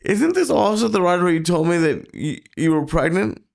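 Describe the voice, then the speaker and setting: A man who is a comedian guest on a podcast, chiming in with short, halting remarks. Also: high voice, expressive, vocal fry. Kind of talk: casual podcast chat.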